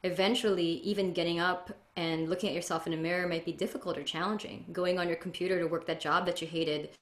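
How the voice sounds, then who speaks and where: A woman's voice: on the low side, steady tone, quick pace, roomy sound. A woman speaking earnestly as a podcast guest, reflective and spiritual in a flowing way. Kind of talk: reflective interview talk.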